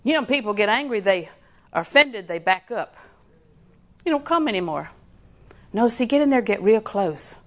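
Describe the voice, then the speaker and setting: A woman's voice: mid-range voice, lively intonation, moderate pace, long pauses. A middle-aged woman, preaching a sermon in a folksy, storytelling way with lots of repetition.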